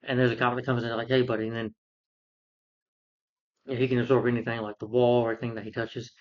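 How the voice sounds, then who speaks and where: A man's voice: mid-range voice, little pitch movement, quick pace, muffled recording. A man casually recapping a film in a rambling rant, full of fillers and sarcastic asides. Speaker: film reviewer.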